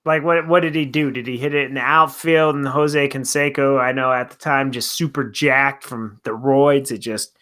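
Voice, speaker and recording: A man's voice: mid-range voice, steady tone, pushed and bright. A man co-hosting a comedy radio show, joking around and trading quips with the host. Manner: joking, quick with silly voices. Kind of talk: casual comedy radio banter.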